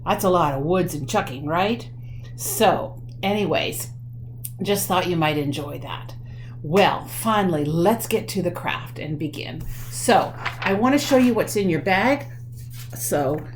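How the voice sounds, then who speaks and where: A woman leading a children's craft lesson from home, explaining things slowly and warmly for kids, with many pauses and ums. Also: lowish voice, lively intonation, slight background noise.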